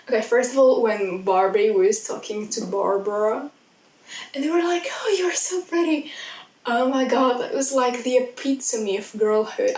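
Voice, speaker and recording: A young woman chatting excitedly in a rambling film review vlog. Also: a little high. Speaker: vlogger. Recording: echoey sound, mic at a distance.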